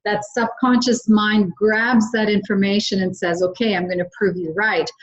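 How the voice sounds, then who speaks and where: A woman's voice: medium pitch, fairly even intonation, moderate pace, poor audio. A woman hosting a podcast, talking in a loose, conversational way while she asks her guest questions. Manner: conversational, with frequent "you know". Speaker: podcast host. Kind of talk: interview questions and comment.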